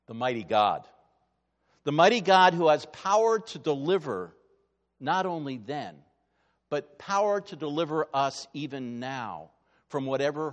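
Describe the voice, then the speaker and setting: A man preaches a sermon in a church sanctuary, his voice set high and swinging widely in pitch. He drops to a hush and then rises to loud emphasis. Long reverb trails each phrase. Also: lively intonation, measured pace. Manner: dramatic, swinging from hushed to loud. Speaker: pastor.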